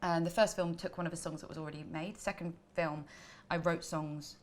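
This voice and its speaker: Fields: Sex: woman. Pace: very fast. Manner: animated storyteller. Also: low voice. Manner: animated storyteller, acts out quoted lines. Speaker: singer-songwriter and actor, interview guest. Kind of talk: casual chat.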